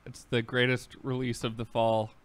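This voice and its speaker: A man's voice: mid-range voice, level tone, moderate pace, clean tone. A man from the American Midwest co-hosting a podcast, making dry joking asides in casual chat. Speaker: podcast co-host.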